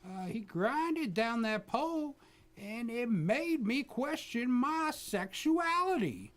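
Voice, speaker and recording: A man putting on the voice of a prudish, bigoted older male televangelist in a comedy radio bit, talking in a high stammering drawl. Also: big pitch swings, slow, a bit bright, heavily acted. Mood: indignant.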